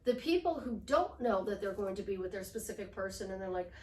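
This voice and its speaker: A woman life coach giving casual relationship advice in an animated way, often slipping into little role-play voices. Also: mid-range voice, a little fast, reverberant, far from the mic.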